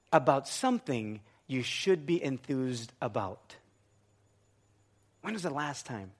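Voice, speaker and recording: A man preaching a sermon, telling a humorous personal story and acting out both sides of the dialogue. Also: medium pitch. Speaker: pastor.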